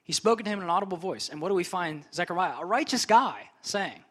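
A man's voice: high-pitched, lively intonation, quick pace, fairly bright tone. A young man preaching a sermon as pastor, conversational and chatty, with frequent casual asides.

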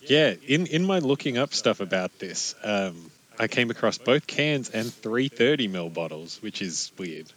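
A man chats easily in a lowish voice. He keeps his tone relaxed and laughs through some of his lines. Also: a little slow, few pauses. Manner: relaxed, laughs while talking. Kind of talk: casual chat.

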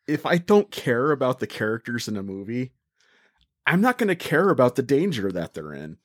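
An opinionated man in a casual movie review chat, pressing his points emphatically and restarting phrases as he goes. His voice sits at an ordinary pitch. The recording is dry, with no room sound. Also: big pitch swings, normal speed, dry recording. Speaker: podcast co-host.

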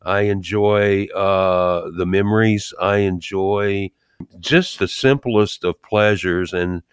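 A low, smooth-voiced man co-hosting a relaxed talk show. He speaks reflectively and hesitates with fillers. The sound is dry and close. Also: takes it slowly, dry recording. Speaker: co-host. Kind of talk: casual podcast chat.

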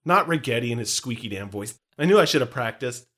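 A man co-hosting a casual movie breakdown podcast, animated and playfully swearing. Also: medium pitch, fast. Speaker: podcast co-host.

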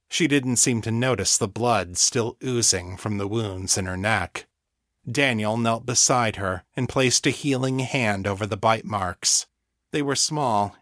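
A man reading his own fantasy novel as an audiobook, in a steady, measured storytelling voice. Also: on the low side, no room sound, studio quality. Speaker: author and audiobook narrator. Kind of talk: scripted audiobook narration.

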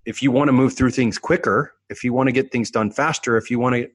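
A man's voice: mid-range voice, steady tone, fast talker, slightly rough, no echo. A man talking as a coach in an earnest, reflective way, circling back on his phrases in a podcast conversation.

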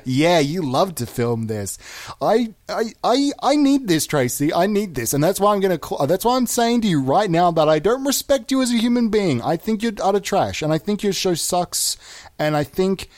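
A young man with a high, animated voice, hosting a comedy podcast of improvised prank calls. He lurches between loud outbursts and low mumbles, and his voice sounds close and dry. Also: normal speed, dry recording.

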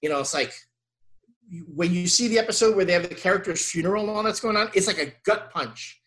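High, bright-voiced ranting man. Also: fast talker. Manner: animated, ranting, gets loud and exasperated. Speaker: podcast co-host. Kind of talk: casual chat.

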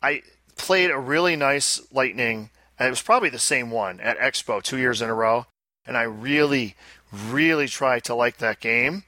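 A co-host on a casual podcast riffs about pinball machines, joking and rambling with fast asides. The voice is mid-range, pushed and bright, and the recording has no room sound.

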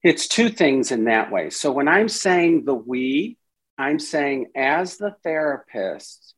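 A man's voice: mid-range voice, sing-song, slow, husky, poor audio. A man speaking as a therapist and podcast guest, explaining ideas at length and briefly acting out inner voices in quotes. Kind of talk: explanatory interview talk.

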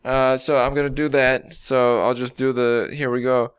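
A man's voice: mid-range voice, flat delivery, moderate pace, clean tone, no room sound, studio quality. A man hosting a podcast, chatting casually and making joking, rambling asides. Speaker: podcast host.

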